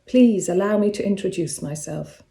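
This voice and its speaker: A woman voicing a scrawny, excitable male solicitor who talks with fussy, overly polite formality. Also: medium pitch, moderate pace, vocal fry, natural voice. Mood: earnest, apologetic. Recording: roomy echo.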